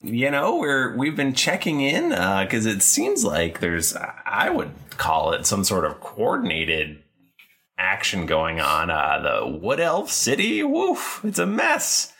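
A man running a tabletop game as game master, animated and slipping into goofy character voices. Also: low voice, slow. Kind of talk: tabletop game narration and banter.

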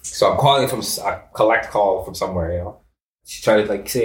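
A man's voice: fairly low pitch, a little fast. A man telling his own story in casual talk, full of fillers and acted-out dialogue. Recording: roomy, distant mic.

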